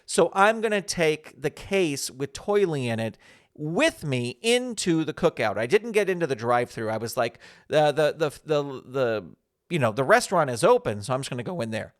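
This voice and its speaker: A podcast host in his fifties tells a chatty, self-deprecating story in a casual monologue, getting animated whenever he quotes other people. His voice is a little high and moves at normal speed.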